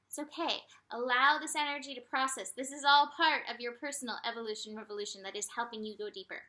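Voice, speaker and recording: A woman with a high, bright voice talks through a day's astrology and tarot reading. Her delivery is gentle and soothing, broken up by light laughs and animated, quoted asides. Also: fast talker, hardly any pauses. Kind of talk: casual spiritual forecast.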